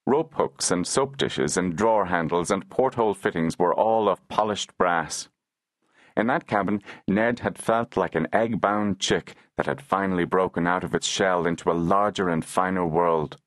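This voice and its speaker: A man reading a historical novel aloud as an audiobook narrator, in a measured, unhurried storytelling manner into a close studio microphone. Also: low voice, no room sound.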